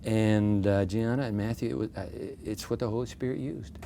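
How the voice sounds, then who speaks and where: Older male pastor, low voice, animated anecdotal storyteller, faint background hum. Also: fairly quick, gravelly. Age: 60s. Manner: lively anecdotal storyteller with self-deprecating humor. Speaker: pastor, interview guest. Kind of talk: storytelling in a casual interview.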